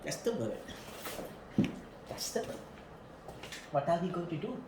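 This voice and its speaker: A man's voice: a little high, big pitch swings, unhurried, creaky, echoey room, noisy background. A man with a Sri Lankan English accent gives a classroom lecture. He repeats key phrases and keeps putting questions to his students.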